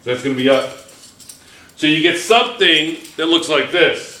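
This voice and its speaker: A man's voice: fairly high pitch, normal speed, bright, forceful tone. A man teaching chemistry to a class, playful and joking, firing questions at his students. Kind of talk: classroom lecture. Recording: echoey classroom.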